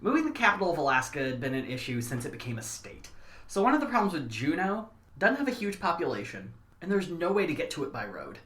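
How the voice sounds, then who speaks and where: A podcast host reads a scripted history segment, slipping into casual chat and wry, joking asides. The mid-range voice is quick and a bit bright, with big pitch swings, in a reverberant space.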